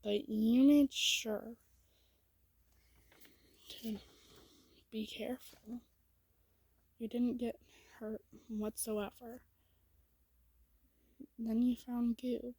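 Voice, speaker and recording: A woman telling a listener-centred story as a whispered role-play, speaking softly and hushed with small slips. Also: fairly high pitch, fairly even intonation, extremely slow, long pauses, husky, no echo, poor audio.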